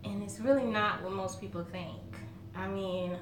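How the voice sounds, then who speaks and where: A woman's voice: medium pitch, fairly even intonation, moderate pace, background noise. A woman with a Southern American accent chatting to camera in a folksy way, laughing often as she tells stories. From Southern United States. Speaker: vlogger. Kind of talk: casual chat to camera. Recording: roomy echo.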